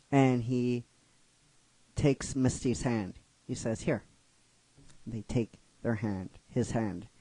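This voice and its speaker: A man's voice: mid-range voice, darkish tone, dry recording. A man casually retelling his own fan script, rambling and repeating himself, and often asking "right?" as he goes. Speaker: fan script writer and narrator.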